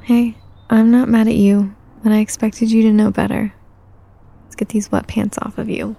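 A young adult woman performing a whispered role-play, talking softly and soothingly like a coaxing caretaker. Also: mid-range voice, gravelly, no echo. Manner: soothing, coaxing caretaker talk, mostly soft and close.

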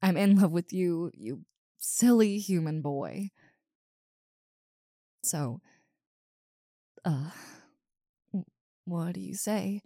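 A woman's voice: fairly low pitch, animated, very slow, long pauses, dark tone, no room sound, clean studio sound, heavily acted. A woman voicing a big, muscular wolf monster girl who stammers, swears and talks bluntly in an audio role-play. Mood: shy confessing.

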